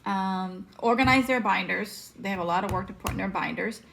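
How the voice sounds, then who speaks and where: A woman vlogging casually at home with a handheld camera, chatty and quick to laugh. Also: medium pitch, creaky, fairly bright tone. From Southern United States. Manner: chatty, laughs often, coos at pets. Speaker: vlogger, mom. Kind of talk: casual vlog chat. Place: home and snowy backyard.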